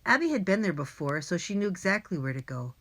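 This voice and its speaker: Low-voiced woman narrating a children's audiobook. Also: sing-song, fast, a bit bright. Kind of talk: first-person audiobook narration.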